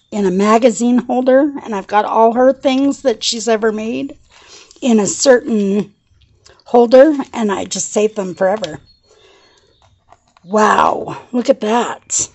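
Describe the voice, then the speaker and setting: A craft vlogger gushes through a casual show-and-tell, her medium-pitched voice shaky with excitement. She's excitable and laughs often as she chats.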